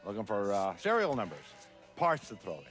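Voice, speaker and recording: An actor with a Belfast Irish accent playing a foul-mouthed, blunt Irish crime boss in a video game, with music behind. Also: male voice, on the low side, wildly swooping pitch, brisk, fairly bright tone. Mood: gruff, scheming. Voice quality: heavy profanity, blunt.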